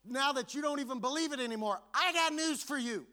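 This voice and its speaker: A man's voice: extremely high pitch, a little fast, sharp tone. A man preaching a sermon to his congregation, building fervor through repetition. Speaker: pastor.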